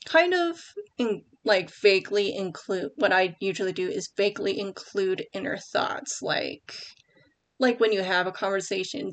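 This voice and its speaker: A young woman at home giving casual writing tips over a screen share, rambling with many ums and likes and correcting herself as she goes. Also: mid-range voice.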